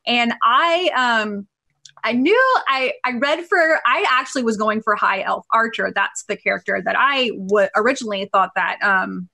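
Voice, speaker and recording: A woman with a bright, forceful, slightly high voice tells a rambling story on a panel. She talks casually and chattily, stopping and restarting often. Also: lively intonation, normal speed, gravelly. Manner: chatty, many fillers and restarts. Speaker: voice actress on a panel. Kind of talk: casual anecdote.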